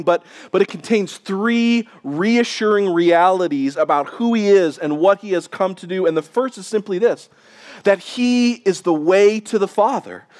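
Male pastor with a high voice giving a relaxed, chatty sermon at a church service. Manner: casual, conversational, with frequent tag questions.

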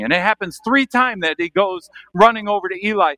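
A man delivering a sermon in a bright, ringing voice pitched a little high. He talks animatedly, posing questions straight to his listeners, then drops his voice to let them sink in. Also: lively intonation, a little fast. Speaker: pastor.

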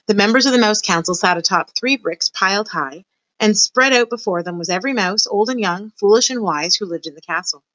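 Bright-voiced woman reading a story aloud. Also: mid-range voice, brisk, no echo, low-quality recording. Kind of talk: reading a children's novel aloud.

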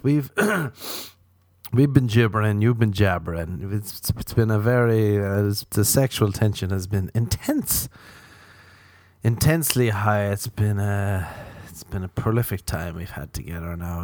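A lower-voiced man rambles through a comedic podcast monologue, swearing freely and leaping into sudden high mock voices. The sound is dry and close to the mic, with almost no room around it. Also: a little slow, a little mellow, dry recording. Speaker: podcast host.

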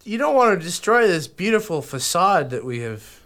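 A man's voice: high voice, very animated, moderate pace, fairly bright tone. A man co-hosting a podcast, giving dry, teasing replies in casual banter. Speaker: podcast co-host.

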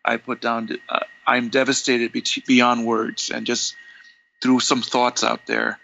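A longtime fan, interviewed as a guest, tells a story conversationally in a gravelly yet bright mid-range voice, unhurried. He's animated, acts out quoted dialogue and restarts often. The recording is muffled with a little hiss or hum.

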